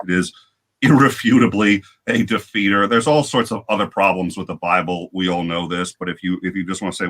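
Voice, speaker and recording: A man telling a story on a livestream panel in casual chat, animated and halting, with many restarts. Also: on the low side.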